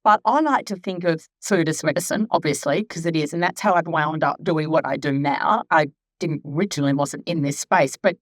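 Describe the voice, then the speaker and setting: A woman's voice: low-pitched, a little fast, no echo. A chatty woman in her fifties, a skin therapist talking casually at a live event, rambling with many asides. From Australia. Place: clinic event room.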